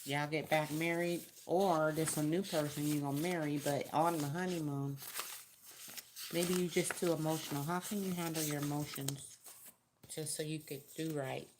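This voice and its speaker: A low-pitched woman reads tarot cards for her viewers in a casual, talkative way. She hands out plain, folksy advice as she goes. A faint hiss sits under her voice. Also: fairly even intonation, normal speed. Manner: chatty, folksy, gives direct advice. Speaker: tarot reader.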